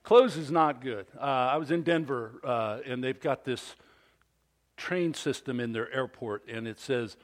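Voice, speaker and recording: A male pastor preaching a sermon at a church service, telling a story with animated delivery and frequent questions to the congregation. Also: mid-range voice, a little slow.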